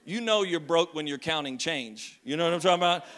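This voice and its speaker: A man preaching a lively sermon, telling a story with jokes and shouting at times. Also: fairly high pitch, fairly quick.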